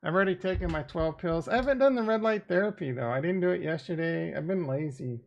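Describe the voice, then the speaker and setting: Man, crypto live-streamer, slightly higher voice, gravelly, blunt, sarcastic, swears a lot, desk mic. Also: fast, highs cut off. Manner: blunt, profane, sarcastic muttering to himself. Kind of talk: casual live-stream commentary. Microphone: desk microphone.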